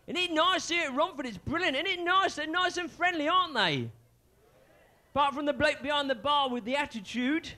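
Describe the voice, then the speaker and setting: Stand-up guy in a little club, high voice, teasing the front row. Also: a little fast, bright, forceful tone. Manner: cheeky banter with the crowd. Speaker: stand-up comedian. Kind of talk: stand-up comedy set. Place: small club venue.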